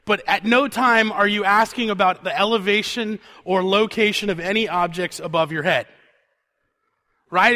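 A man preaching a conversational sermon who repeats words for emphasis and sinks to a quiet, intense tone on solemn points. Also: high-pitched.

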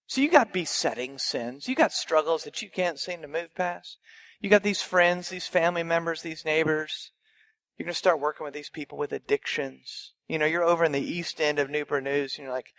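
A man's voice: on the high side, animated, moderate pace, creaky, fairly bright tone. A male pastor preaching a sermon, emphatic, with rhetorical questions and repeated phrases.

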